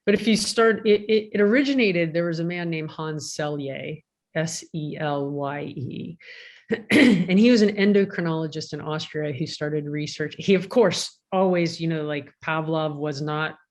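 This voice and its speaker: A woman sports psychologist giving a casual talk over a video call, lively, with many restarts and "right?" tags. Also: low voice, normal speed. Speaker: guest speaker, sports psychologist.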